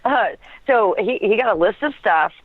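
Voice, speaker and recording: A woman's voice: mid-range voice, expressive, moderate pace, no room sound. A woman telling a personal story as an interview guest, earnest and searching for words, often breaking into a laugh. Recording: tinny phone line, dry.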